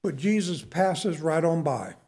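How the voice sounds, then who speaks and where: A man's voice: a little high, expressive, measured pace, a little mellow. A man preaching a sermon in an earnest, emphatic way, often addressing his listeners as folks.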